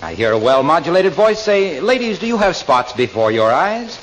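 An actor playing a cheery male announcer who slips into polished commercial pitches in a 1940s radio comedy. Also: big pitch swings, normal speed. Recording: noisy 1940s radio broadcast.

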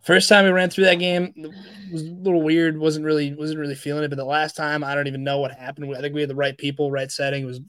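A man's voice: fairly high pitch, little pitch movement, quick pace, hardly any pauses, a bit bright, no echo, clean studio sound. A young man hosting a casual sports podcast, chatty and full of fillers. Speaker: podcast host.

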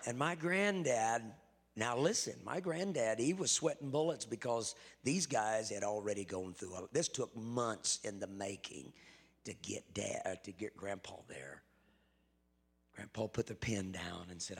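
A middle-aged pastor tells his testimony at a church service, swinging from hushed to loud. His voice is gravelly and husky, and it rings in the long reverb of the sanctuary. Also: lowish voice, measured pace. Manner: emphatic storyteller, swings between loud and hushed. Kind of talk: sermon testimony.

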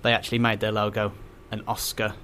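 A man on a radio chat as an enthusiastic guest, talking in halting restarts and often chuckling. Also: fairly low pitch, completely flat delivery, sharp tone, slight background noise.

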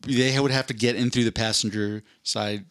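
A man's voice: mid-range voice, steady tone, moderate pace, a bit bright, no room sound, studio quality. A man co-hosting a podcast, telling a long casual story with lots of restarts and self-corrections. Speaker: podcast co-host. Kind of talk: casual chat.

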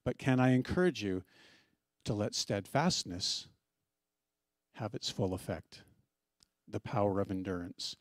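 A man's voice: on the low side, unhurried, long pauses, dry recording. Dry, conversational male pastor preaching. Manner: conversational storytelling with gentle humor. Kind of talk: sermon.

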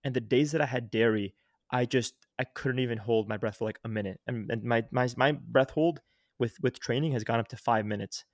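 A young man talks in a mid-range voice, earnest and coaching, his sentences full of "like" and quick restarts. He speaks into a close podcast mic in a dry, deadened room. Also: medium pitch, no room sound. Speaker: podcast guest, health coach. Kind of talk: casual instructive interview talk.

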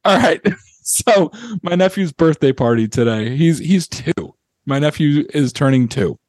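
A man's voice: fairly high pitch, lively intonation, measured pace, darkish tone, no room sound. Young male co-host, rambling storyteller with lots of laughs, dry close sound. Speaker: podcast co-host. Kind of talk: casual hockey chat.

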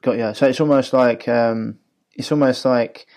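A man's voice: mid-range voice, steady tone, moderate pace, a little mellow. A man hosting a podcast interview, asking questions casually, often restarting and apologizing. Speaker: podcast host.

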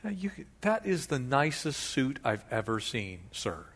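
A man's voice: sits high, normal speed, pitched above the performer's own voice, full character voice. A man putting on a gushing, fawning lawyer. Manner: gushing, over-the-top flattery. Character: fawning ancient male lawyer flattering a governor.

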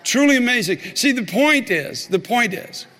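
A male pastor preaching a sermon and telling a story, animated and repeating phrases for emphasis. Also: extremely high pitch, moderate pace. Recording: long hall reverb.

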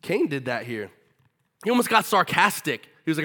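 Bright-voiced man preaching casually. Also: a little high, moderate pace. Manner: animated, casual slangy preaching. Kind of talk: sermon.

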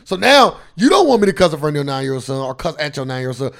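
A man co-hosting a casual podcast, ranting and swearing freely, his voice jumping up high and loud when he gets heated. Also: sing-song, racing, gravelly. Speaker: podcast co-host.

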